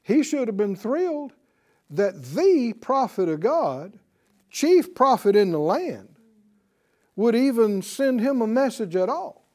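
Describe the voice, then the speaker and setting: A man teaching a Bible class, telling the story in an animated way and chuckling often. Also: very high voice, slow.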